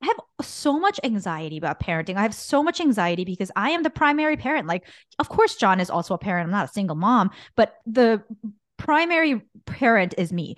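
A mother and podcast co-host speaking candidly in casual chat, telling stories in an animated way with frequent fillers. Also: mid-range voice, fairly quick, no room sound, clean studio sound.

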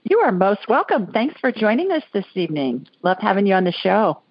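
A chatty woman hosts a call-in show, talking to callers in a folksy, easygoing way. Her voice has some gravel in it. The sound is dry and a little dull, like lo-fi radio audio. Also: medium pitch, sing-song, brisk, dry recording. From Alabama. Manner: chatty, folksy, laughs often. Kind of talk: casual call-in radio chat.

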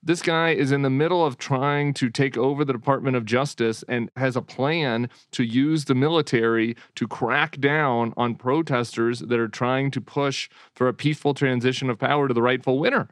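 A man's voice: medium pitch, moderate pace, hardly any pauses, dry recording, studio quality. A man co-hosting a political podcast, talking bluntly and with plenty of swearing. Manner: blunt, profane, animated. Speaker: podcast co-host. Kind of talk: casual political chat.

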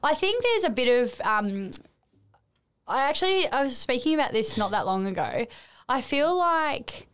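An Australian woman who is a pet expert and podcast guest, chatting playfully with quick banter and frequent laughs. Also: high voice, sing-song, fairly bright tone, clear, resonant tone. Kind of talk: casual chat.

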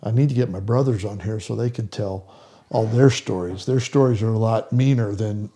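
A man's voice: lowish voice, moderate pace, mellow. A man hosting a podcast, speaking with earnest, emotional gratitude. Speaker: podcast host. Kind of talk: casual podcast talk.

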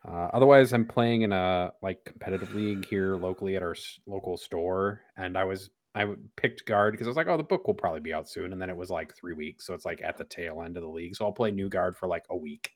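A man's voice: sits low, steady tone, brisk, hardly any pauses. A man with a Midwestern accent, co-hosting a casual podcast in a laid-back, wry way. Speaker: podcast co-host.

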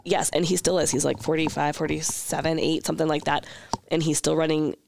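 A man's voice: a little high, level tone, fairly quick, gravelly, background noise. A man co-hosting a podcast, chatting casually and searching for his words with many fillers. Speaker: podcast co-host. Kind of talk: casual conversation.

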